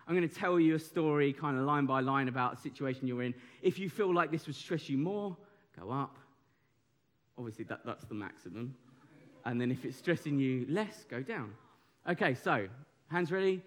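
Male preacher, young, animated and chatty, slightly high voice. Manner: animated, conversational, audience participation. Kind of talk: sermon.

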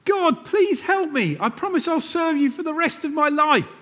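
Brief: a preacher putting on a frantic, high-pitched man shouting for help, long hall reverb. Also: animated, moderate pace. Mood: desperate pleading. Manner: yelling, desperate pleading. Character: panicked man dangling off a cliff.

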